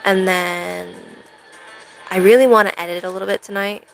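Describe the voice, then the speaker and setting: Chatty young woman with a gravelly voice. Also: on the low side, fairly even intonation, moderate pace, soft background music, low-quality recording. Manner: rambling and chatty, talking to viewers. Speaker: live streamer. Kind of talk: casual chat to a live stream audience.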